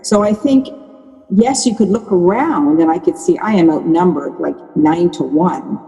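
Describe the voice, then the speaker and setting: A woman's voice: on the low side, moderate pace, vocal fry, mellow, long reverb tail, muffled recording. A woman in her sixties, a podcast guest, telling her story candidly and often restarting her sentences. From Canada. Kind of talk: conversational podcast interview.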